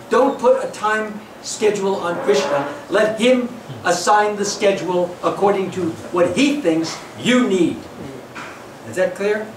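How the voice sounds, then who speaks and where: Man, spiritual teacher, earnest devotional lecture, pleading, noisy distant recording. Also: high voice. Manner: earnest, pleading, repetitive emphasis. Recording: distant mic in echoey noisy room.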